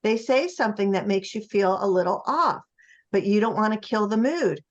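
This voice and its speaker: A woman's voice: mid-range voice, expressive, normal speed. A woman speaking as an author in a conversational interview, explaining emphatically and acting out the voices of other people. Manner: emphatic, acts out quoted voices while explaining. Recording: slightly muffled lo-fi audio.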